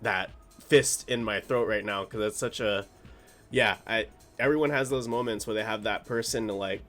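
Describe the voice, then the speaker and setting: A man's voice: lowish voice, normal speed, fairly bright tone, soft background music. A man hosting a podcast, supportive, laid-back and sentimental. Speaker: podcast host. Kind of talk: casual podcast chat.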